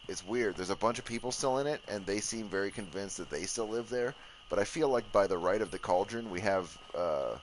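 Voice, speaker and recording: A man's voice: fairly low pitch, a little hiss or hum, rough recording. A man giving casual gaming commentary, joking, swearing and mocking himself as he plays. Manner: profane, joking and self-mocking. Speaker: let's play gamer.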